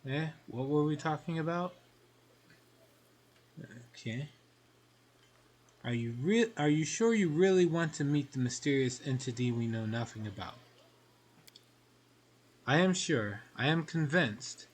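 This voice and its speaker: A man's voice: a little high, animated, unhurried, long pauses. A man reading aloud the lines of an eccentric, aloof female fox-spirit scholar from a game, in a dry, matter-of-fact way.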